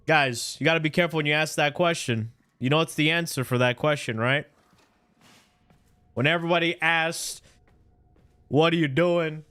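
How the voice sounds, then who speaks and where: A man's voice: a little high, moderate pace, long pauses, pushed and bright, clear, resonant tone. A young man live-streaming a video game from a home setup, joking with chat, rambling, swearing freely and stumbling over words.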